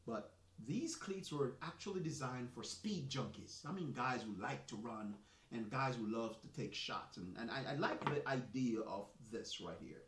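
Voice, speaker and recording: A man's voice: mid-range voice, normal speed. A man with a Jamaican accent hosting a soccer live stream, talking in a chatty, boastful, rambling way. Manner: animated, boastful, chatty with restarts. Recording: echoey room, mic at a distance.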